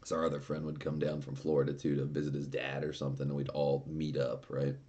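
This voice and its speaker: A man's voice: extremely low pitch, monotone, fast talker, mellow, lo-fi sound. A man streaming, casually telling a story with lots of swearing and laughter. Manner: profane and laughing.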